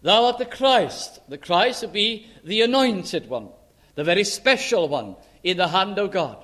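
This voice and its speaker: A man preaching a sermon in an emphatic way, slowing down to stress scripture quotes and key words. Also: high-pitched, very animated, fairly bright tone.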